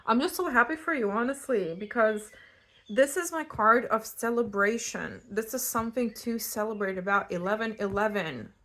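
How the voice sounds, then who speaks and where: Chatty, animated woman tarot reader. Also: a little high, moderate pace. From Eastern Europe. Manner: chatty and animated, goes off on tangents. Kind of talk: casual pick-a-card tarot reading.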